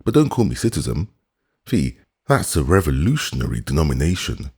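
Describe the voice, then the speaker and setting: Gossipy old-regime wig maker, fawning and theatrical, deep husky voice with lively swings, a male reader putting him on. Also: fairly quick, exaggerated voice.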